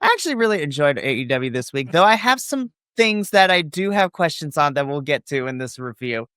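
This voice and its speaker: A man hosting a casual wrestling review podcast, playful and jokey with quick asides. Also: a little high, sing-song, bright, forceful tone, clear, resonant tone, no room sound, clean studio sound. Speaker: podcast host.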